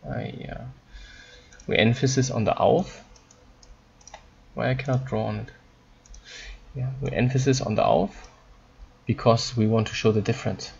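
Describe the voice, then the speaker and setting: A man teaching German in an online lesson, explaining in halting English with frequent ums and repeated words. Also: fairly low pitch, creaky, darkish tone, lo-fi sound.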